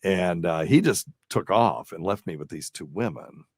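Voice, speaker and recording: A man's voice: low voice, lively intonation, normal speed, darkish tone, dry recording, studio quality. A man hosting a radio talk show, telling a long story in a rambling, casual way with lots of fillers and chuckles. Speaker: radio show host and doctor.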